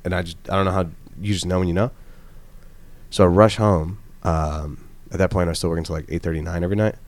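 Male podcast host, very low voice, quick animated storyteller. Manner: fast, animated storyteller, slangy. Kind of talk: casual chat.

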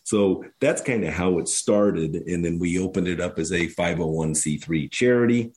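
A man's voice: low-pitched, moderate pace, a little mellow. A man being interviewed as a charity founder on a studio radio show, telling long rambling stories and acting out the people he quotes. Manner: rambling storyteller, acts out quoted voices. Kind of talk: casual interview talk.

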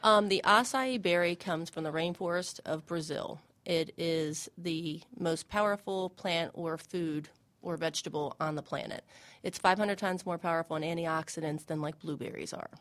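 A woman, a shop owner, chatting as a radio guest and eagerly explaining her products in quick lists. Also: deep voice, steady tone. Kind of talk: radio interview chat.

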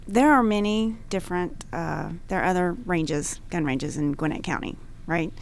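A woman answering questions as a guest on a radio talk show in a studio, measured and halting with many fillers. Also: lowish voice, creaky, a little hiss or hum. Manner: measured, many ums and restarts. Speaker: radio guest, gun range owner.

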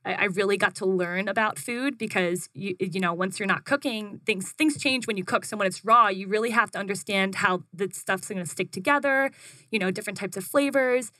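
A young woman telling a casual story in an interview, animated and chatty, jumping up in pitch when she quotes herself. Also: a little fast, dry recording. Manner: animated, acts out her own quotes in a higher voice, frequent "like". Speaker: guest, food business founder.

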